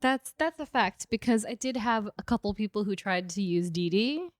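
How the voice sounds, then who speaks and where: Animated woman podcast co-host. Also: medium pitch, no room sound, studio quality. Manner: animated, laughs often, quick asides. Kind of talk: casual chat.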